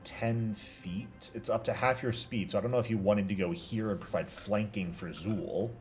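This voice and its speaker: A man's voice: fairly low pitch, normal speed, darkish tone, soft background music. A man running a tabletop game as game master, explaining rules and laughing often.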